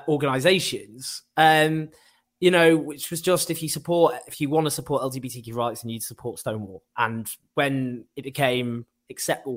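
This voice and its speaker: A man's voice: medium pitch, a bit bright. A man hosting an interview, asking long, rambling questions full of fillers. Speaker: host. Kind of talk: conversational interview.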